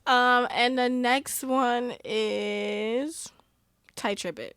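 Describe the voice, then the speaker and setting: Playful high-voiced woman podcast host. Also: steady tone, very slow, a bit bright, clean tone, no echo, studio quality. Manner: playful, laughs often, dialect speech. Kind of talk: casual chat, playing a question game.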